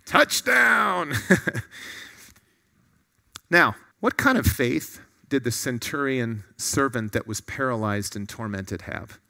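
A man's voice: medium pitch, lively intonation, a little slow, hardly any pauses, sharp tone. A man preaching a sermon to a room of listeners, earnest and often putting questions to them.

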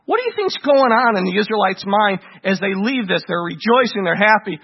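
A man preaching a sermon to a congregation, animated and asking them questions. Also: sits high, brisk, few pauses, breathy edge, dull audio. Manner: animated, asks the congregation questions, acts out voices.

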